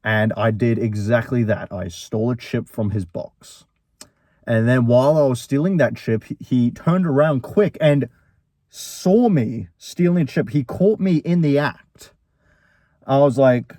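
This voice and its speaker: A man's voice: mid-range voice, lively intonation, normal speed, a little mellow, dry recording. A young man telling a story casually, rambling, with many restarts as he recounts a quarrel. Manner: rambling, full of restarts, quoting both sides of a quarrel.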